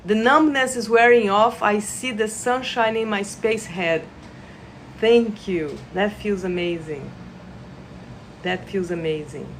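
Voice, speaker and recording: A woman leading a live energy-healing session, guiding listeners with gentle instructions and sudden bursts of excited laughter. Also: medium pitch, slow, slight background noise. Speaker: reiki practitioner. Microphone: phone livestream.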